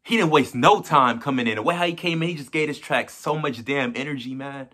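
A man hosting a music reaction, talking fast and excited in slang and repeating his points over and over. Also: medium pitch. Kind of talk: hyped reaction commentary. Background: faint hip hop track playing.

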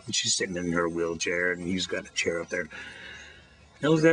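A man's voice: low-pitched, expressive, fairly quick, a bit bright. A middle-aged man telling jokes in a casual rant outdoors by a street, holding the camera to himself. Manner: folksy storyteller who acts out quoted voices. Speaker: vlog host. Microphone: handheld camera held to himself.

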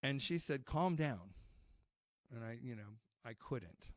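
A man's voice: medium pitch, moderate pace, fairly bright tone, dry recording, clean studio sound. A middle-aged man preaching a sermon as pastor, telling stories in a conversational way with frequent restarts.

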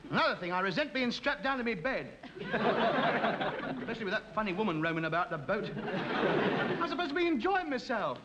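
A man's voice: sits high, sing-song, brisk, pauses often. An actor playing an indignant, self-important man who blusters and huffs, in a 1950s radio comedy. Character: indignant, pompous man on a cruise. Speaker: comic lead. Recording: muffled old radio recording with hiss.

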